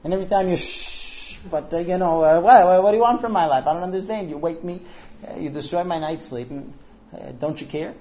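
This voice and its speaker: A man's voice: a little high, fairly even intonation, brisk, mellow, natural voice. A man voicing a frustrated young husband, pleading and incredulous, on a dull lo-fi recording. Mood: exasperated. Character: exasperated sleep-deprived young husband.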